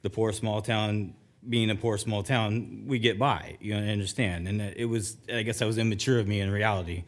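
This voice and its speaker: Middle-aged resident, nervous and emotional, stumbles and restarts while reading prepared remarks at a council podium. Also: male voice, on the low side, steady tone, normal speed. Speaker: resident giving public comment. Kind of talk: public comment at a council meeting. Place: council chamber.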